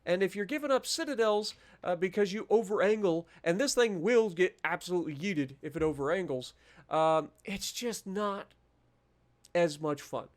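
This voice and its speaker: A man's voice: sits high, animated, moderate pace. A man hosting his own gaming channel, ranking ships in a casual, chatty commentary full of fillers and restarts, joking at his own expense. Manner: chatty, self-deprecating, many fillers and restarts.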